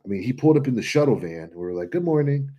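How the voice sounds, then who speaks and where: A young Californian man with a low-pitched, racing voice, the highs cut off, chats casually on a livestream. He's a trucker vlogger answering comments, telling stories bluntly and animatedly with plenty of swearing.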